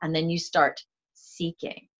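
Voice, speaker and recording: A woman's voice: deep voice, measured pace. A middle-aged woman talking through a shamanic practice in a casual, earnest way, often restarting her sentences. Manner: earnest, animated, self-correcting speech. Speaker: shamanic guest. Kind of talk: casual conversation. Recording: dull lo-fi audio.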